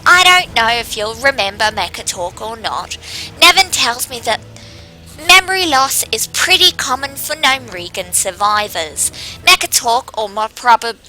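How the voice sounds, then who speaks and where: A woman's voice: on the high side, animated, unhurried, pushed and bright, faint music behind, low-quality recording. A woman casually playing a video game, reading the quest text aloud and chatting with asides. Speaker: game streamer.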